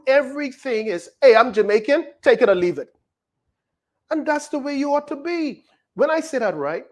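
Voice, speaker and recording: A man with a Bahamian accent, a pastor preaching a sermon in an emphatic way, full of rhetorical questions. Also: sits high.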